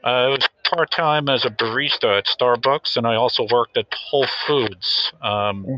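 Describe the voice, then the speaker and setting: A man's voice: mid-range voice, moderate pace, bright, forceful tone, no echo, natural voice, rough recording. A man playing an earnest young self-styled safety officer in an improvised mock interview, talking hesitantly with many fillers and getting defensive.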